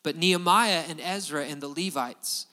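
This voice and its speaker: Emphatic, animated man preaching a sermon. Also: a little high, moderate pace. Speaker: pastor.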